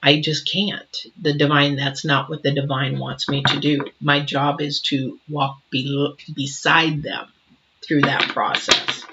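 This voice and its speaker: A man giving an intuitive tarot reading to camera, earnest and a little emotional, talking in halting runs with frequent restarts. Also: fairly high pitch, little pitch movement, dull audio, very noisy. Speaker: tarot reader.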